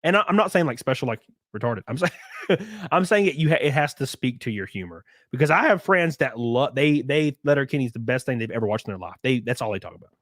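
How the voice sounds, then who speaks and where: Speaking at a quick pace with a medium pitch, this man has an Alabama drawl and sounds stuffy from a runny nose. He's the host of his own livestream, ranting casually with plenty of profanity in an animated, mocking way. The studio-quality audio is clean with no echo.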